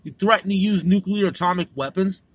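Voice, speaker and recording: A man's voice: sits high, fairly quick, husky, dry recording. A man from the United States delivering an angry, profane monologue full of repeated threats. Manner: profane, aggressive, repetitive threats. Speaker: host.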